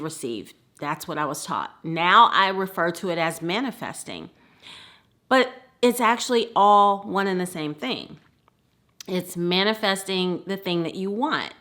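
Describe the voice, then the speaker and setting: Woman from the Midwest, storyteller, bright and lively, laughs often. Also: lowish voice. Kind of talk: personal storytelling.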